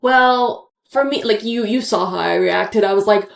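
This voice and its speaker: A woman's voice: mid-range voice, unhurried, creaky, roomy sound. A woman chatting casually and animatedly, retelling what happened with bursts of laughter. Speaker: co-host reacting to a show finale. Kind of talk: casual chat.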